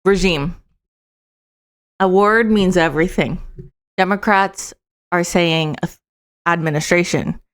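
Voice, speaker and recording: A young woman giving casual, emphatic reaction commentary and swearing for emphasis. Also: fairly low pitch.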